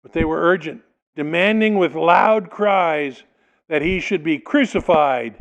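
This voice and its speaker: Man, pastor, sermon, reads scripture and explains it, acts out quotes, slightly high pitch. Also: measured pace, vocal fry, low-quality recording. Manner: expository preaching, reads scripture then explains it, dramatizes quotes.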